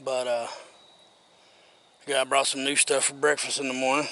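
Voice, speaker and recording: A man's voice: mid-range voice, flat delivery, moderate pace, pauses often, bright, forceful tone, slight background noise. A man vlogging in a casual, folksy and earnest way, out of breath after working. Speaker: outdoor vlogger. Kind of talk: casual vlog talk.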